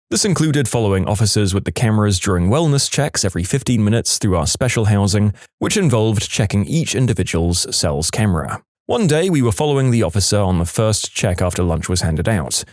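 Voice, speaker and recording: A man's voice: fairly low pitch, sing-song, a little fast, a little mellow, no echo. A man narrating a series of short workplace stories in a scripted voice-over, adding his own dry asides between them.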